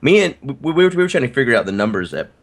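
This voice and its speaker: A man on a casual podcast, telling animated stories and laughing often. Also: mid-range voice, racing. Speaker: podcast co-host.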